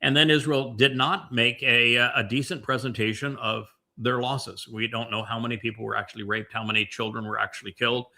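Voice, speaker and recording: A male podcast host with a bright, forceful voice talks through his commentary as if thinking aloud. He wanders, stacks fillers and restarts, then slows right down to hammer his key points. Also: mid-range voice, fairly even intonation. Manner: meandering, many fillers and restarts. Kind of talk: casual commentary chat.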